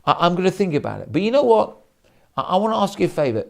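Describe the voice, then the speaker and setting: Man doing a crafty old rabbi: slow, high, theatrical mock outrage. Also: sing-song, gravelly, full character voice. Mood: breezy. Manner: exaggerated, drawn-out mock indignation. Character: wily older male rabbi teacher.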